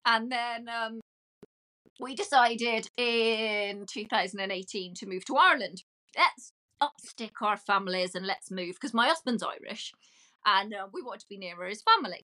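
A middle-aged woman, a podcast guest chatting in a loud, self-mocking way. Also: a little high, moderate pace. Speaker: guest, cake decorator. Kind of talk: casual chat.

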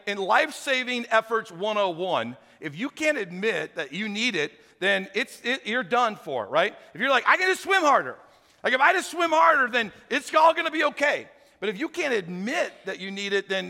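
Male preacher, high bright voice, lively crowd-work, big auditorium reverb. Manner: animated, interactive, joking with the crowd. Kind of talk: sermon to a live auditorium. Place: large auditorium. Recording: long hall reverb.

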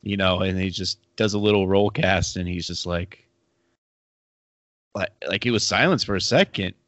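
A man's voice: low voice, normal speed, a bit bright, dry recording. A man co-hosting a casual fishing chat, rambling with many restarts and fillers. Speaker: fly fishing podcast co-host.

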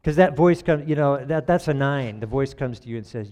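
A man giving a relaxed, conversational sermon, telling everyday stories in a folksy way and chuckling at himself. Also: mid-range voice, fairly quick, hardly any pauses.

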